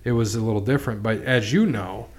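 A man's voice: lowish voice, fast. Rambling casual podcast host, man. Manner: rambling, swears casually, many restarts. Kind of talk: casual chat.

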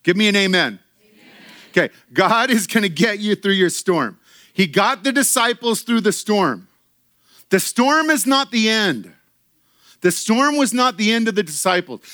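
A man preaching a sermon to his church in an animated way, acting out quoted voices and laughing often. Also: sits high, no room sound, clean studio sound. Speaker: pastor.

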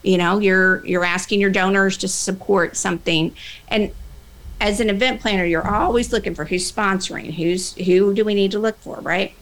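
A woman workplace trainer giving a motivational talk, animated, acting out both sides of the conversations she tells. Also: mid-range voice, normal speed, rough recording. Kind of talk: motivational talk with acted-out dialogue.

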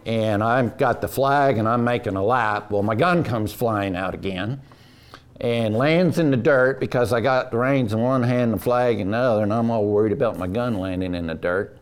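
A man telling a rodeo story in a casual, folksy, animated way. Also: mid-range voice, normal speed, clear, resonant tone. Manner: folksy drawl, animated retelling.

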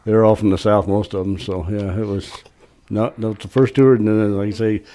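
A man's voice: on the low side, fairly even intonation, a little fast, dark tone. Folksy older man telling stories. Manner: folksy, profane, laughs through his own stories. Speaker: podcast guest. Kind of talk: casual storytelling.

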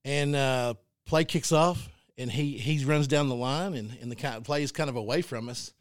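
This Arkansas man co-hosts a laid-back sports talk show and also coaches youth football. His voice is medium in pitch and moderately paced, captured in studio quality with no room sound. He's a lively storyteller who laughs a lot and keeps starting his sentences over.

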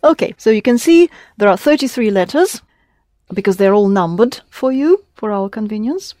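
A woman's voice: mid-range voice, lively intonation, moderate pace, warm tone, dry recording, studio quality. A woman teaching a lesson in English, explaining patiently and prompting her student with questions. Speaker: Russian language teacher. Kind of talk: one-on-one language lesson.

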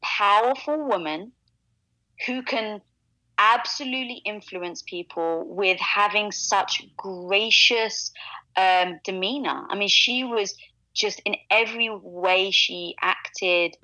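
An upbeat, articulate British woman speaks as an interview guest over a video call. Her voice is bright and clear, and the sound is close and dry with no room around it. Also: medium pitch, slow, no room sound, low-quality recording. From England. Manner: upbeat and eloquent.

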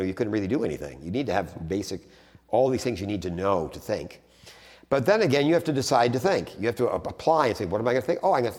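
A man giving a conversational theology lecture, restarting phrases and stressing points with sudden animated rises. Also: on the low side. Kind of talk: teaching talk on theology. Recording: long hall reverb.

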